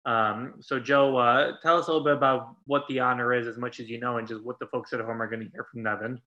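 Male podcast host, bright forceful tone, dull lo-fi sound, casual and full of fillers. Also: mid-range voice, fast. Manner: frequent ums and uhs, relaxed. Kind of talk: casual sports podcast chat.

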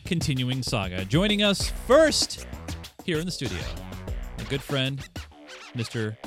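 A man's voice: mid-range voice, sing-song, measured pace, music in the background. A man hosting a casual podcast, upbeat and joking with his guests. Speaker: podcast host.

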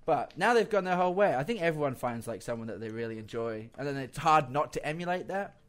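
A man, a guest musician telling stories in casual chat and acting out quotes with lively voices. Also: a little high, fast talker. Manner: animated storyteller who acts out quotes.

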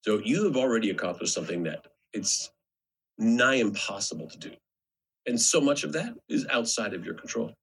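A man with a somewhat husky voice chats as a guest actor. He talks in a measured, advice-giving way, with lively shifts in pitch. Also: poor audio. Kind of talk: casual chat.

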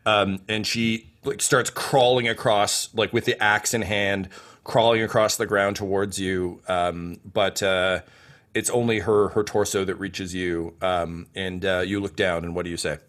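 A man narrating as game master of a tabletop game, rambling casually with many fillers and trailing off softly. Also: low voice, steady tone, a little slow.

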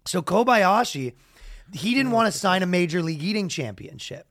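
A man telling a comedic story on a podcast, loud and animated, with bursts of shouted announcer impressions. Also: high-pitched, normal speed. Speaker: podcast co-host.

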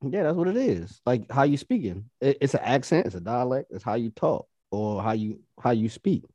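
A man's voice: mid-range voice, normal speed, dry recording, lo-fi sound. A man co-hosting a podcast, arguing animatedly and profanely in casual chat. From Baltimore. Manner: animated, profane, argues points with quoted voices. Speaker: podcast co-host.

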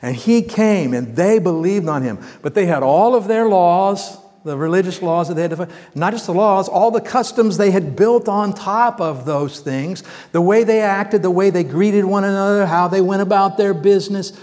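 Preacher in a reverberant hall. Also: male voice, high voice, normal speed. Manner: animated, swings between loud emphatic bursts and quiet asides; conversational, asks the congregation questions. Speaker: preacher teaching from the Bible. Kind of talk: sermon. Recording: long reverb of a large hall.

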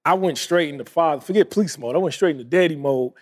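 A podcast co-host in his thirties tells a story in loose, casual chat. His voice sits high for a man. He is animated and laughs often as he goes. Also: quick pace.

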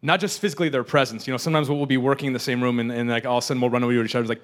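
A man's voice: medium pitch, steady tone, racing, hardly any pauses. A young adult man preaching a casual, joking sermon, often repeating and restarting his words. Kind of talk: conversational sermon.

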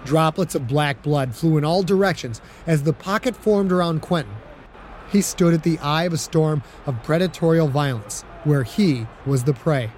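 Man narrating an audiobook, slightly high. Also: a little mellow, slight background noise.

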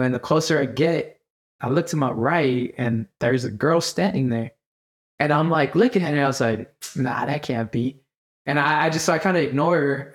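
A young man co-hosting a podcast, telling a rambling story in casual chat and acting out what his friends said. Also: mid-range voice. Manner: rambling, animated, acts out quoted friends. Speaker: podcast co-host.

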